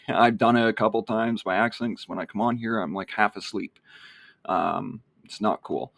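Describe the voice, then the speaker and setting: A man's voice: lowish voice, moderate pace, vocal fry, a bit bright, no room sound, studio quality. A man giving a casual screen-share tutorial on online marketing, rambling with lots of ums and restarts.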